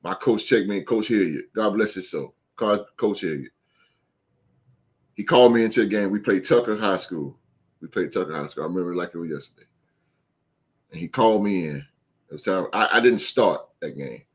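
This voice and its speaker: Loud, swearing male podcast host. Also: deep voice, moderate pace, long pauses. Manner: loud, swearing, animated and emphatic. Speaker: podcast host and youth basketball coach. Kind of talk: casual sports podcast chat.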